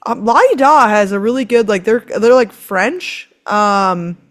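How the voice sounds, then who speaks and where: A woman's voice: mid-range voice, expressive, a little slow, a bit bright. A young woman co-hosting a podcast, chatting casually with lots of filler words and frequent swearing. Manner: rambling, many "like" fillers, swears freely. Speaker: podcast co-host. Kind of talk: casual chat.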